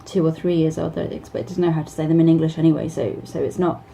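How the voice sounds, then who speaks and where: A woman's voice: deep voice, little pitch movement, fast, gravelly, warm tone, a little hiss or hum, low-quality recording. A woman in her thirties, an English teacher, gives casual advice with many ums, restarts and small laughs.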